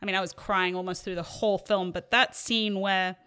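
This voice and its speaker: A woman's voice: mid-range voice, fairly even intonation, fairly quick, pushed and bright, smooth. A woman in casual chat, agreeable and emotional when talking about movies.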